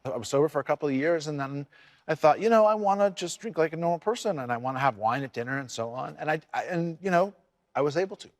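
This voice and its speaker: A man speaking candidly as an interview guest, halting and reflective, often restarting his sentences. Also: on the high side, expressive, dry recording.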